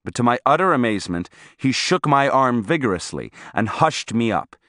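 A man's voice: medium pitch, big pitch swings, moderate pace, fairly bright tone, no echo, studio quality. A man reading a first-person story aloud as an audiobook narrator, telling it expressively.

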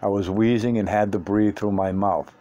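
A man narrates a first-person story in audiobook style, steady and measured with a few small restarts. His voice sits low and sounds warm and dark. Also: highs cut off.

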